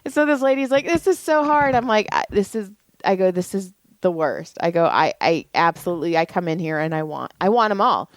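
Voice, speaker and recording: A woman's voice: lowish voice, lively intonation, a little fast, no room sound. Rambling, foul-mouthed woman telling stories. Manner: rambling storyteller, swears freely. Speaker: podcast co-host. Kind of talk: casual chat.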